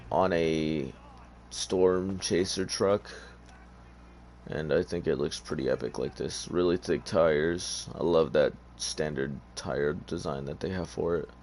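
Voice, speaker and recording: A man's voice: low-pitched, darkish tone, a little hiss or hum. A man giving laid-back, rambling commentary over a car game, sleepy and just awake, with many fillers. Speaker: gaming YouTuber. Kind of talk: casual gameplay commentary.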